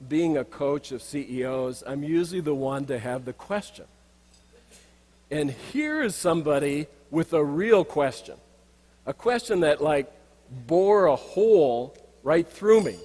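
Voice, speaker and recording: Middle-aged male speaker, reflective storyteller at a banquet, a touch high in pitch, lots of reverb from the hall. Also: a little mellow. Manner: anecdotal, reflective, refers to slides. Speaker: banquet speaker, executive coach. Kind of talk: storytelling speech.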